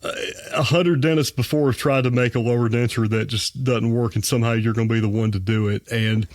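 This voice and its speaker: A man's voice: mid-range voice, fairly even intonation, a little fast, no echo, studio quality. A man, a dentist telling a personal story as a guest on a podcast, folksy and earnest. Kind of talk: personal anecdote in a podcast interview.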